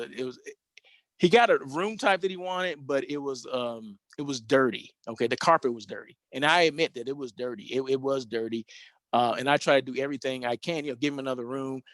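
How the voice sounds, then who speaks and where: A man hosting a hospitality show recounts stories from his career in hotels, casual and chatty, rambling and frequently correcting himself and starting over. He has a medium-pitched, fairly bright voice and a brisk pace, on a dry recording.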